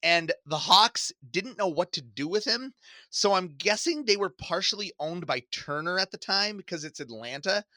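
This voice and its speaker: A man's voice: sits high, normal speed, no echo. A man co-hosting a podcast, chatting casually and telling stories with lots of laughter. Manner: animated storyteller, laughs often. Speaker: podcast co-host. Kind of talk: casual chat.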